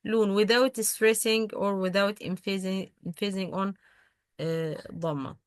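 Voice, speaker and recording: A woman's voice: medium pitch, fairly even intonation, clean tone, no echo. Patient woman teaching recitation, dry sound. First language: Arabic. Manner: patient, repeats examples slowly, many hesitations. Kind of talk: online tajweed lesson.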